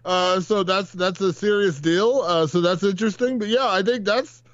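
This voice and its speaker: A man's voice: high-pitched, normal speed, a bit bright, no echo, dull audio. A man co-hosting a podcast, chatting casually and rambling with many fillers and restarts. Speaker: podcast co-host. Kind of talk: casual chat.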